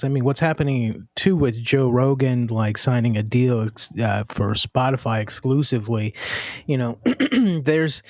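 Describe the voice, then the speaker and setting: A man speaking as a podcast guest, reflective and earnest, with many fillers and pauses. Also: mid-range voice, a little mellow, no room sound, clean studio sound. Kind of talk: casual conversational podcast chat.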